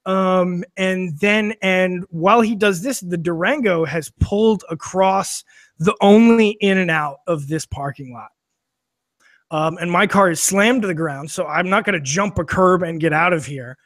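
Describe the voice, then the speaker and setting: A man's voice: high-pitched, a little slow, a bit bright, no echo, studio quality. A man telling a long anecdote on a casual podcast, with lots of fillers, restarts and swearing, laughing as he goes. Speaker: podcast guest or co-host. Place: studio filmed for video.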